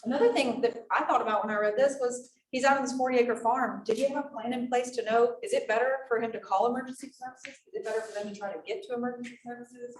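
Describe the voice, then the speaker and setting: A woman's voice: a little high, fairly even intonation, fast, hardly any pauses. A woman gives a safety presentation, chatty and often asking the room questions. She sounds set back from the microphone in a reverberant meeting room. A faint hiss runs underneath. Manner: conversational, asks the room questions. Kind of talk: presentation with audience discussion. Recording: echoey room, mic at a distance, faint noise.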